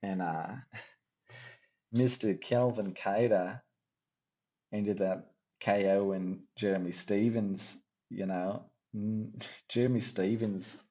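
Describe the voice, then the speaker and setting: A man's voice: on the low side, fairly even intonation, takes it slowly, warm tone, dull audio. A man hosting casual fight predictions, rambling and teasing with jokey asides. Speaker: MMA fight-picks host.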